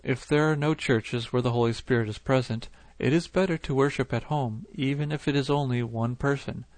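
A mid-pitched male narrator reads a scripted religious vision with steady, measured delivery. The recording is dry.

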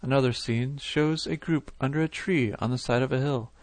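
Male narrator, mid-pitched, for a scripted religious vision reading with steady measured delivery and a dry sound. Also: dry recording.

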